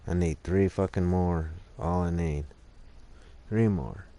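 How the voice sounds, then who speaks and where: A man's voice: sits low, slow, mellow. A man casually chatting to his viewers during a game stream, rambling and swearing freely about his sore arm. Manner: profane, rambling, talks to chat and his dogs. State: sore right arm, stretching. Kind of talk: casual gaming stream chat. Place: home, dogs barking nearby.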